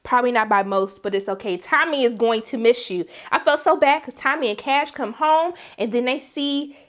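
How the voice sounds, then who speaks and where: Brief: high-voiced woman vlogger, casual slangy recap, animated, acts out the scenes. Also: normal speed. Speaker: TV review vlogger.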